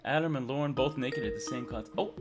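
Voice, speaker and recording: A man's voice: mid-range voice, fast talker, over loud music. A man hosting a live stream in casual chat, joking and reading out the chat. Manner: jokey, reads chat aloud, laughs often.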